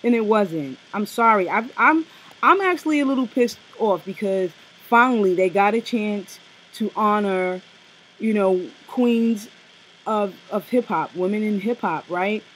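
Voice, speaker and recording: A woman co-hosting a casual review chat, blunt and animated, with slang and profanity. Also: mid-range voice, a little slow, breathy edge, low-quality recording. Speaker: co-host reviewing a TV special.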